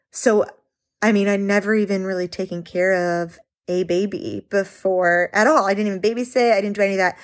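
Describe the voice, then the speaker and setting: Young woman, earnest mom chat, lots of ums and restarts, medium pitch. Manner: earnest, candid, with many fillers and restarts. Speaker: mom sharing her experience. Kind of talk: personal talk to the camera.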